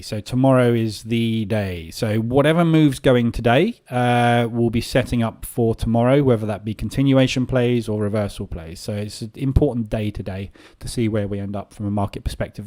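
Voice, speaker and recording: A man's voice: medium pitch, a little mellow. Man, host of a live trading room; loose, rambling commentary with plenty of ums, mid-range voice. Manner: casual, rambling, many filler ums.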